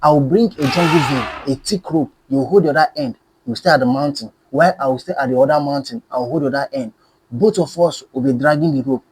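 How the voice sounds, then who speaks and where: A man voicing a small, clever male tortoise who speaks calmly and slyly in a storybook folktale. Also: mid-range voice, fast, a little hiss or hum, close to an everyday voice. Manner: calm, sly.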